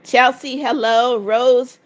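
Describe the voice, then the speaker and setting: A tired woman in her seventies runs a live stream with a slightly high voice. She reads out each viewer comment in turn and gives it a short, plain answer. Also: fairly even intonation, takes it slowly. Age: 70s. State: tired after two hours of talking. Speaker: livestream host.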